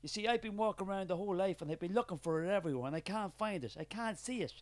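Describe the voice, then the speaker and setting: A man's voice: high-pitched, rapid-fire, dry recording, lightly acted. An Irish man playing a suspicious, money-minded male skeptic who answers in a scornful, defensive and dismissive way in a comic character sketch.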